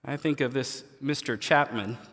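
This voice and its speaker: A man preaching a sermon as pastor, folksy and colloquial, moving between quiet asides and loud emphatic lines. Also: medium pitch, moderate pace. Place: church sanctuary. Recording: long hall reverb.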